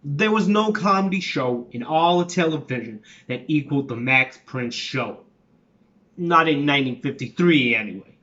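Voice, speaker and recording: A man playing a shy, nervous young comedy writer in a monologue, with a New York accent and halting delivery. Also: on the high side, expressive, pushed and bright, highs cut off. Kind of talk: acting a monologue.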